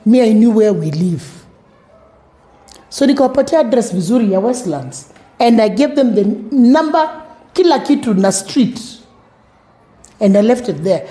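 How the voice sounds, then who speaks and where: A middle-aged woman with a Kenyan accent, telling her personal story as an interview guest, animated and acting out the voices of others. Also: fairly high pitch, reverberant. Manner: animated, acts out quoted voices, mixes in Swahili words.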